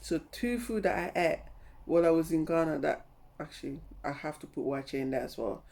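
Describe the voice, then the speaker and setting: A middle-aged woman vlogging casually about a trip, animated and laughing as she acts out her own reactions. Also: low voice, fairly quick, vocal fry. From lives in London. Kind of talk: casual travel vlog chat.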